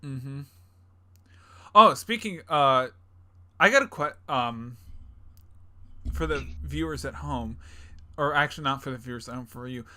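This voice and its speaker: A young man co-hosts a podcast in loose, joking chat. His voice is very bright and forward at a middle pitch. He rambles and restarts with plenty of laughter. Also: a little slow, pauses often. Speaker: podcast co-host. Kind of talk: casual chat.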